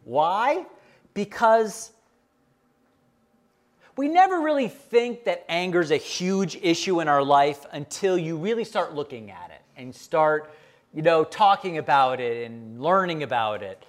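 Brief: middle-aged man, pastor, conversational sermon, lively up-and-down delivery. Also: a little high, a little slow. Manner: conversational, asks the congregation questions.

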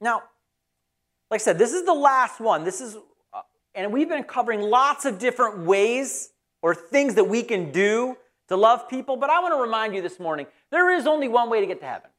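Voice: medium pitch, very animated, brisk, a bit bright. A pastor giving a conversational, folksy sermon in church.

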